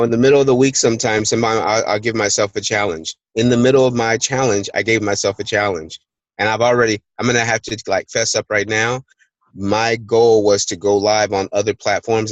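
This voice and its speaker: A man with a lowish voice, recorded remotely in a hot place with no echo but low quality, hosts a team call. His casual motivational talk is energetic, full of stories and urging listeners on, acting out voices in quotes.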